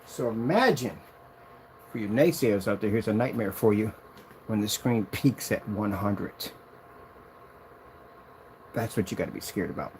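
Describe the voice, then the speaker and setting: A man casually demonstrating a projection screen on a vlog, excited and rambling, boasting about his product. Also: measured pace, pauses often, slight background noise. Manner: sings snatches of a tune in a high voice.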